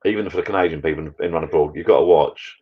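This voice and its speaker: A man's voice: rumbling low, rapid-fire, slightly rough, dull audio. A man rambling through a casual live-stream chat from his garden bar, talking to viewers in a matey way. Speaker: vlogger hosting a live chat.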